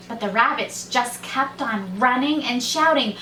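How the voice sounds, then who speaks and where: A woman reads a children's story aloud as a teacher, in a slow, gentle storytelling manner. Her voice is bright and a little high. She sounds far from the mic, in a roomy, echoing space with faint background ambience. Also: slight background noise.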